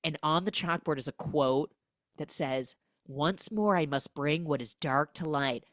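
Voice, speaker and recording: A young adult woman hosting a casual, comedic film recap podcast, acting out the characters' lines in quick, exaggerated voices. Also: deep voice, a bit bright, no echo, studio quality.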